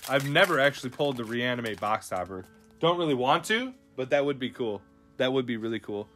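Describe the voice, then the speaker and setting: A man's voice: medium pitch, very animated, fairly quick, a bit bright. Hyped slangy young man. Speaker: host of card pack openings. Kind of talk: excited live commentary on pack openings. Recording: faint music behind.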